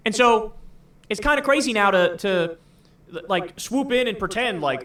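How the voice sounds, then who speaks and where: A man's voice: high-pitched, expressive, fast talker, a bit bright, recorded from a distance. A man hosting a podcast, reacting to clips in a heated, sarcastic, profane way. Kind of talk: casual reaction commentary.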